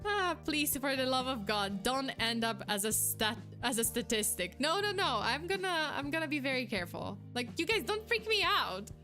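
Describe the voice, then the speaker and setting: A young woman chatting casually on a live stream, reacting to chat with quick, giggly, animated replies. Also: sits high, soft background music.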